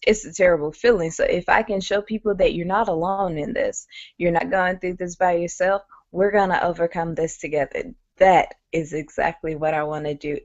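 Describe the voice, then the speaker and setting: On muffled, lo-fi audio with no room sound, a woman whose voice is fairly low recounts a personal story. She's a guest speaker on a webinar, talking candidly and conversationally with many fillers.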